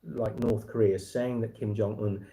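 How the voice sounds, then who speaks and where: A man's voice: lowish voice, fairly even intonation, measured pace, warm tone. A man hosting a casual livestream, talking in a rambling way with many restarts and fillers. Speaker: livestream host.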